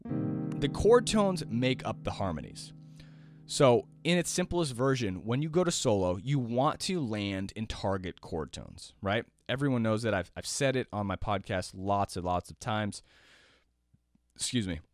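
A man's voice: on the low side, lively intonation, unhurried, no room sound, studio quality. Chatty man teaching jazz piano. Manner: talkative, repeats "right?" often. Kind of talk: casual spoken lesson.

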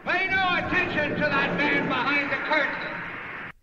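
Pompous wizard, slow drawn-out decrees, heard from far off in a big echoey hall. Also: male voice, extremely high pitch. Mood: imperious. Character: booming grand male wizard, commanding and imperious. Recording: distant echoey hall, muffled, noisy film clip.

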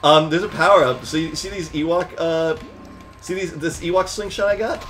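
A young man giving casual, excitable gameplay commentary with friends, swearing, laughing and breaking into loud outbursts. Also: a little high, normal speed, faint music behind. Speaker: gaming commentator.

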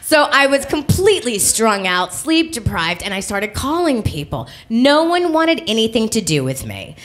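A woman performing live stand-up comedy, telling a story with lively delivery and acting out other voices. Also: on the high side, moderate pace. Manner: animated storytelling, acts out voices. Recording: live show with faint noise.

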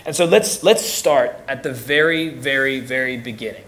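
A man's voice: mid-range voice, normal speed, fairly bright tone. A young man teaching as a youth pastor in a casual, joking way, often repeating words as he restarts sentences. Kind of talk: casual teaching talk to teens.

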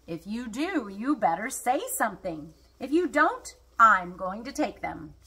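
A cheeky, sulky little boy from a picture book speaks in a high, drawn-out voice that swoops up and down, as a woman reading aloud puts him on. His tone is bright and a little breathy, and every word comes slowly. He sounds like a child bargaining his way out of trouble. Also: sing-song, exaggerated voice.

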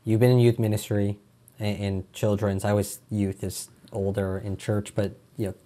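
A man's voice: fairly low pitch, level tone, moderate pace, warm tone. A man hosting a podcast, asking a guest questions in a casual, rambling way. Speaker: podcast host. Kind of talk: interview questions, casual chat.

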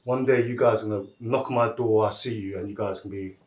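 A man's voice: lowish voice, fairly even intonation, fast talker, darkish tone. A man, a massage therapist talking casually to viewers in a laid-back way, chuckling often and calling people "man". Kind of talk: casual chat and storytelling. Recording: roomy echo.

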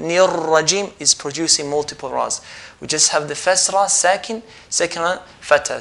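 A man teaching Quran recitation, who explains each sound and then says it slowly again and again for the learner. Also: fairly high pitch, creaky, fairly bright tone. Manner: slow demonstrations, repeating sounds for the learner. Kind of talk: step-by-step pronunciation lesson.

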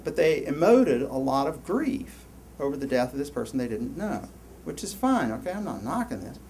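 A man giving a university lecture, rambling and animated, with many restarts and asides to the class. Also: medium pitch, moderate pace, slight background noise. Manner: animated, rambling, lots of self-interruptions. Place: lecture hall.

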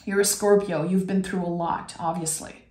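A woman's voice: on the low side, fairly even intonation, moderate pace, darkish tone. A woman giving a tarot reading, effusive and close to tears, talking straight to the viewer. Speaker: tarot reader. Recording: echoey room.

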